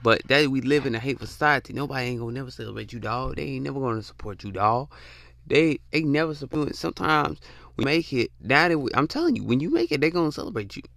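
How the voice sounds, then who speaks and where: Young man ranting, bright voice. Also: mid-range voice, expressive, quick pace, creaky, no echo, clean studio sound. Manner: blunt, profane, slangy, repeats himself for emphasis. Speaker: podcast host. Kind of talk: casual monologue rant.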